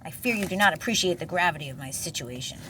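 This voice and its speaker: A woman putting on a sick old grouch of a storybook bear, raspy and grandly self-pitying. He complains in formal, theatrical phrases. It is heard from a distance, with faint noise around it. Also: on the low side, lively intonation, fast, pushed and bright.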